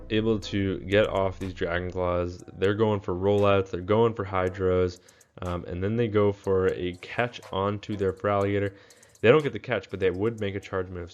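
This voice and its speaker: A young man giving relaxed gameplay commentary, tired and full of fillers. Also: sits low. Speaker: game commentator.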